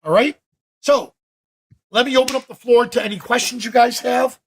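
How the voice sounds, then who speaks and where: A man teaching photo editing during a live video-call session, talking in a chatty, animated way with frequent restarts. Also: extremely high pitch, normal speed, vocal fry, breathy edge. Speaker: photography workshop instructor. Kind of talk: live online Q&A demo.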